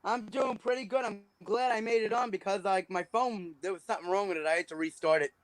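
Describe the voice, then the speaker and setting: A man's voice: sits high, fast, dry recording. A teenage boy with a New York accent, chatting casually and easygoing as a guest. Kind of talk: casual chat.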